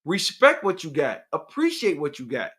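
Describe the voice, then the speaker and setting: A podcast host man talking in a casual, profane and preachy way, with sudden loud outbursts. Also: on the high side, wildly swooping pitch, moderate pace, slightly rough. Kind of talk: casual live podcast chat.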